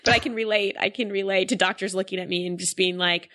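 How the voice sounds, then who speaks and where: A woman interviewer, empathetic and expressive, with wry asides as she relates to her guest. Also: mid-range voice, fast. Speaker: interviewer, host. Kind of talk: interview conversation.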